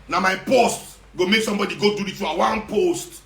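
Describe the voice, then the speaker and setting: A man with a Nigerian accent and a fairly high voice, ranting at his listeners with sarcasm and hammering repetition. He drops into Nigerian Pidgin as he goes, and his voice rings around a roomy, echoey space. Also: normal speed, creaky, a bit bright. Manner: confrontational, sarcastic, repeats for emphasis. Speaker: activist speaking to followers. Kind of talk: impassioned monologue. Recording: roomy echo.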